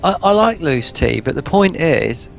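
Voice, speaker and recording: A man's voice: fairly high pitch, very animated, a little slow, creaky, soft background music. A man, a guest on a stream, chatting in a rambling, teasing way and laughing at his own jokes. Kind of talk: casual chat.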